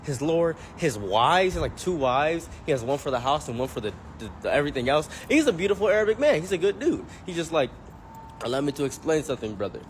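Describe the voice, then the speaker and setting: A commentary YouTuber telling a comic story, animated and joking, acting out every character he mentions. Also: on the high side, quick pace, hardly any pauses, slight background noise. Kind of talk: comedic storytelling.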